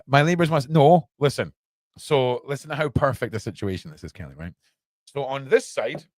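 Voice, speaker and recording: A man's voice: a little high, no echo. A British man hosting a podcast from a small room at home, rambling through news commentary with lots of rhetorical questions. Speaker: podcast host.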